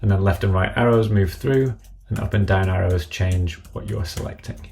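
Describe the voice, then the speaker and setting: A man with a low, gravelly voice walks through a software tutorial in a methodical way, thinking aloud as he clicks. He drops to a soft murmur when he calls out drum stickings. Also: steady tone, normal speed. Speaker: app developer demonstrating software. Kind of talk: screen-recorded software tutorial.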